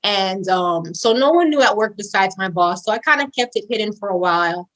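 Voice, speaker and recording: A woman's voice: mid-range voice, expressive, brisk, fairly bright tone, low-quality recording. A young woman who is a podcast guest, telling a personal story casually and acting out quoted lines with big jumps in her voice. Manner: casual, says "like" and "girl" often. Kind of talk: storytelling interview.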